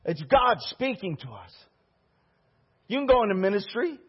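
A man's voice: high-pitched, sing-song, normal speed, slightly rough, muffled recording. A male pastor preaching a sermon with fervor and repeating key phrases for emphasis.

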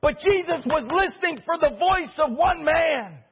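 A man's voice: very high-pitched, expressive, normal speed, creaky, lo-fi sound. A male pastor preaching a sermon with fervor and repeating key phrases for emphasis.

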